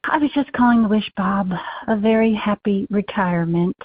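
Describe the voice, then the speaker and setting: A woman's voice: medium pitch, normal speed, breathy edge, dry recording. A woman caller leaving a heartfelt voicemail full of well-wishes for a radio host. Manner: warm, heartfelt well-wishing. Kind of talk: voicemail message to a radio show. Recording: tinny phone line, dry.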